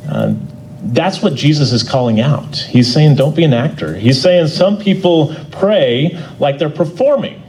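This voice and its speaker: A man teaching a church Bible class in a folksy, conversational way. He often restarts and repeats words, and he gets louder on his key points. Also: fairly high pitch, sing-song, unhurried, a little hiss or hum, rough recording.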